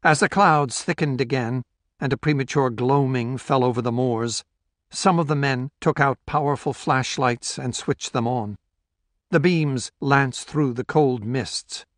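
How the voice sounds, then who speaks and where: An audiobook narrator, a man with a mid-range voice, reads a novel aloud in steady, measured storytelling. The scripted narration is studio quality with no echo.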